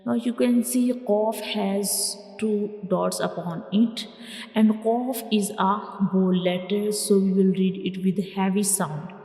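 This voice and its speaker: Female tutor, very slow and mellow delivery, patient, echoey room with long tail and faint music underneath. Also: mid-range voice, fairly even intonation. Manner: patient, repeats each letter sound loudly for learners. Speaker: Quran reading teacher. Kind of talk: slow step-by-step letter lesson.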